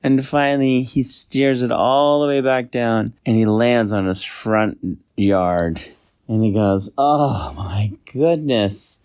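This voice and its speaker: A father telling his son an improvised bedtime story in a gentle, rambling way. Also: mid-range voice, fairly even intonation, takes it slowly, clean tone.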